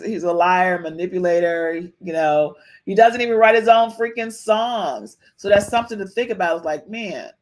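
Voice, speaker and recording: Chatty woman podcast host. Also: on the low side. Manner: chatty, repeats phrases, frequent "okay?" tags. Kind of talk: casual live-stream commentary.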